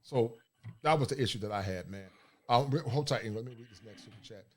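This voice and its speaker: A man's voice: mid-range voice, fast talker. A man hosting a casual livestream, talking bluntly in a preachy, streetwise way. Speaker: livestream host.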